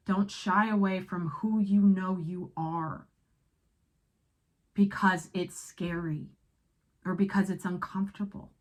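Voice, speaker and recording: Lower-voiced woman giving a casual tarot reading. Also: steady tone, takes it slowly, long pauses. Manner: casual, emphatic, swears, switches into quoted inner voices. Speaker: tarot reader.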